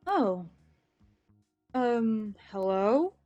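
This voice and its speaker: A woman's voice: on the high side, big pitch swings, very slow, mellow, highs cut off, faint music behind, full character voice. A woman as a hesitant, polite player. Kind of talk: tabletop role-play.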